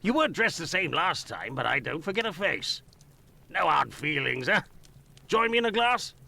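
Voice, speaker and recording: A man's voice: on the high side, very animated, normal speed, vocal fry, pushed and bright, exaggerated voice. An actor playing a boastful, chatty newspaperman who tells stories in slangy speech in a video game. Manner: brash, storytelling, slangy. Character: cocky London male newspaperman, boastful and chatty.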